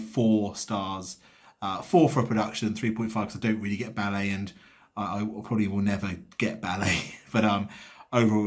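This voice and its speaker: A man giving a casual vlog review of a theatre show, talking in a rambling, chatty way with frequent restarts. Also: fairly low pitch. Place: outdoors walking uphill, then in a car.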